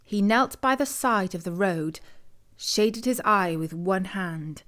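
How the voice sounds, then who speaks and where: A woman storyteller reading a traditional tale in clear, measured scripted narration. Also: medium pitch, animated, fairly bright tone.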